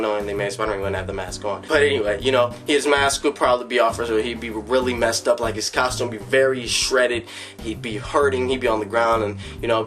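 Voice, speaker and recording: Rambling excited man pitching movie ideas. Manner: rambling, excited, acts out lines of dialogue. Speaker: fan vlogger. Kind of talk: casual fan commentary.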